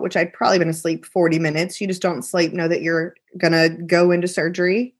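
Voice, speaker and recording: Woman, 30s, podcast guest; husky, animated storyteller who acts out the people she quotes. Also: medium pitch. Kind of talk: emotional personal storytelling.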